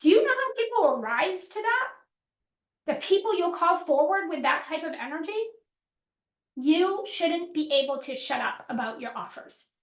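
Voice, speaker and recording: A woman's voice: very high voice, big pitch swings, moderate pace. A woman business coach teaching a live workshop, emphatic and repetitive, acting out pleading voices to make her point. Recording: roomy echo.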